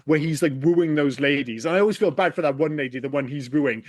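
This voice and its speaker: A man with a high-pitched voice co-hosts a casual film podcast. He talks in an animated, exasperated way, swearing freely. The sound is close and dry. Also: fast, no echo. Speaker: podcast co-host. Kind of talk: casual film review chat.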